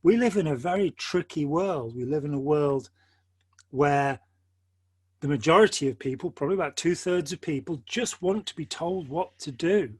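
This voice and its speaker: A man's voice: a little high, normal speed, a little mellow, husky, dry recording. An older man with an English accent, talking earnestly and at length in a discursive conversation, with many quotes and asides along the way. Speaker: host.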